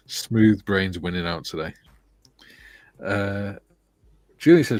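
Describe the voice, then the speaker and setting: A man's voice: lowish voice, drawn-out words, long pauses, dry recording. A man hosting a livestream chat, teasing his co-host and reading out viewer comments. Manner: joking and teasing, reads comments aloud. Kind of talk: casual chat.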